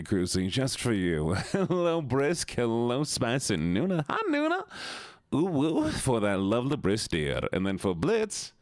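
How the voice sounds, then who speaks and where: In a casual live-stream chat, a man with a medium-pitched voice plays around with his viewers, teasing them and greeting each one by name. The recording is dry and studio quality.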